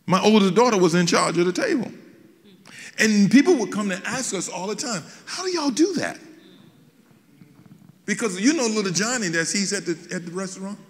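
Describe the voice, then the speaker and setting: A male preacher tells his stories with a lively voice that swings up and down and sits on the higher side for a man. He talks in a folksy, animated way, restarting his phrases as he goes. His voice echoes through a large church hall. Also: fairly quick. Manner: animated storytelling, frequent restarts, folksy asides. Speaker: bishop and guest preacher. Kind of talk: sermon.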